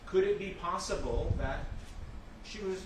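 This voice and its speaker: A male attorney cross-examining a witness in court, asking measured, pointed yes-or-no questions. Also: high voice. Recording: distant mic, very echoey and noisy room.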